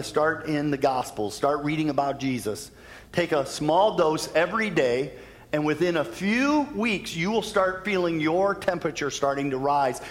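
A pastor preaching a sermon, telling stories and acting out quoted voices with a laugh now and then. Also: male voice, a little high, in a large hall.

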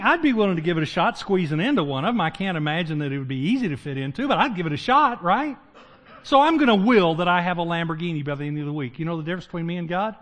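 An older male pastor with a fairly high voice delivers a sermon. He talks to his congregation conversationally, tosses in jokes, then climbs to loud emphatic peaks before dropping to a hushed near-whisper.

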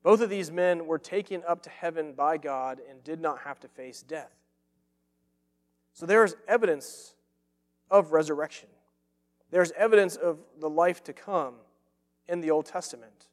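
A man's voice: on the high side, moderate pace, pauses often, big-room sound. A man preaching a sermon as pastor, earnest and emphatic, repeating phrases for stress.

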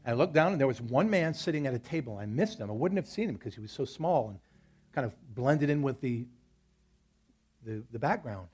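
Male pastor, husky voice, mid pitch, conversational storytelling sermon. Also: animated, fairly quick, a little mellow, faint music behind. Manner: conversational preaching, storytelling with scripture quotes. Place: church service.

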